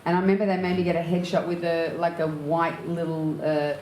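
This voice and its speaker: A woman with an Australian accent, an actor and director, telling candid anecdotes in a lively way and laughing often as an interview guest. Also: fairly low pitch, a little fast, echoey room, slight background noise, low-quality recording. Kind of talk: candid storytelling in an onstage conversation.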